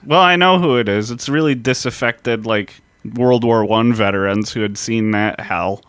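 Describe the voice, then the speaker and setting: A man's voice: medium pitch, normal speed, fairly bright tone, clear, resonant tone, no room sound. A man co-hosting a history podcast, explaining events casually with fillers and the odd swear word. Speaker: podcast co-host.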